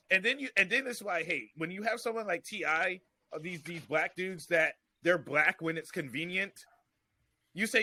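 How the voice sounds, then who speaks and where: A man, a comedian, telling stories in animated, rambling casual chat on a podcast. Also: high voice, normal speed. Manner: animated, rambling storytelling with restarts.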